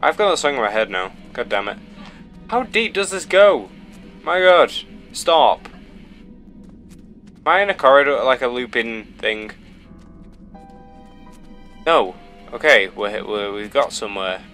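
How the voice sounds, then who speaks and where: A man's voice: medium pitch, expressive, slow, long pauses, sharp tone. A frightened young man playing a horror game and commenting, jumpy and swearing, with faint game music behind. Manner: jumpy, swearing, rambling and sing-song. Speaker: gaming video host. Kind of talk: let's play commentary.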